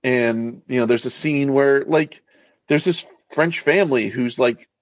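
A man's voice: mid-range voice, measured pace, dry recording. A man chatting casually about a film, rambling and swearing as he acts out scenes. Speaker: podcast co-host.

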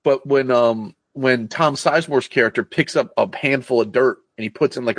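A man's voice: medium pitch, fairly bright tone, no room sound. A man chatting casually about a film, rambling and swearing as he acts out scenes. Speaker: podcast co-host.

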